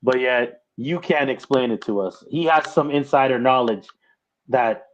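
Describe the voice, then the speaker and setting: A man's voice: medium pitch, a little slow, a little hiss or hum. Man on a dull-sounding mic. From Toronto, Canada. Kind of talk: casual chat.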